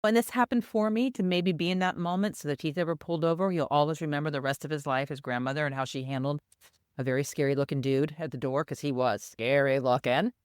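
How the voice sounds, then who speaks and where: This older woman co-hosts a podcast and talks fast in a low-sitting, clean-toned voice, with clean studio sound and no room noise. She's an animated storyteller, voicing the characters from her own personal story.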